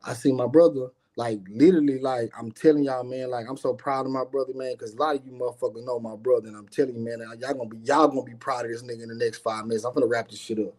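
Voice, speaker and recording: A man's voice: mid-range voice, fairly even intonation, fast, few pauses, darkish tone. A middle-aged man, a guest on a live stream, telling a personal story in a casual, emphatic and profane way, often turning to speak straight to his listeners.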